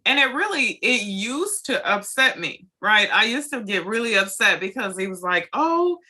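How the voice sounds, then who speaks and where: Bright-voiced woman host, chatty. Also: mid-range voice, expressive, moderate pace. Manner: chatty, laughs, mimics others' words. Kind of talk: casual chat.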